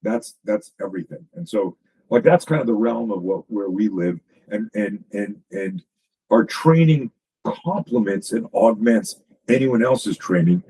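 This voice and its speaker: A self-defense coach in a podcast chat, a man with a husky, fairly low voice. He talks emphatically and swears freely, tumbling from one story to the next with quick restarts. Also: lively intonation, mellow, low-quality recording. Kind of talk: casual podcast conversation.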